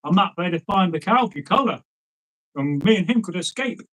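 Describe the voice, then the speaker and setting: A man storyteller doing a determined teenage Viking lad who calls out earnestly across the land, his voice sitting fairly high. It is a simple spoken folk-tale telling, with no staged production. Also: lively intonation, a little fast, low-quality recording. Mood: awed. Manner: earnest, calling out loudly.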